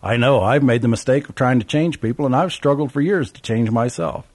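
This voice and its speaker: A man's voice: medium pitch, brisk, darkish tone, no echo. A man narrating a travel memoir in a wry, sardonic way.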